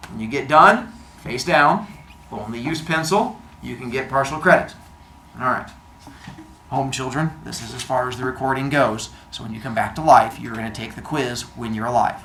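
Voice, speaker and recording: A man's voice: medium pitch, normal speed, sharp tone, a little hiss or hum. A man teaching a class, giving quiz instructions in a playful, jokey way with silly made-up words. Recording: echoey classroom, faint ambience.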